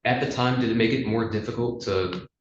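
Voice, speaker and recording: A man examining a witness in court, asking measured questions and reading out text messages, heard over a video call. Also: mid-range voice, a little hiss or hum. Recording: roomy, dull video-call audio.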